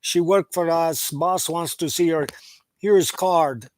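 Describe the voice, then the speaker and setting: A man's voice: on the high side, a little slow, a little mellow, close to an everyday voice. A man voicing a brusque Russian gangster thug in clipped, broken English with a put-on Russian accent.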